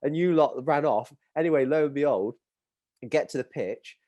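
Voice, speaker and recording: A man in his thirties with an English accent, hosting a podcast and telling an animated school story with laughter. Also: a little high, normal speed, dull audio. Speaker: podcast host. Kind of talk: casual chat, storytelling.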